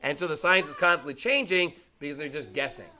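A man's voice: a little high, fast, pushed and bright. A man preaching a sermon, reading scripture and mocking excuses in quoted voices. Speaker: pastor.

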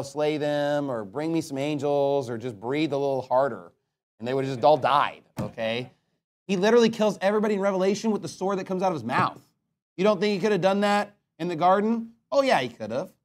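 High-voiced man preaching a blunt sermon. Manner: blunt, emphatic preaching with swings between loud and quiet; reads scripture in slow, solemn tones. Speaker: pastor.

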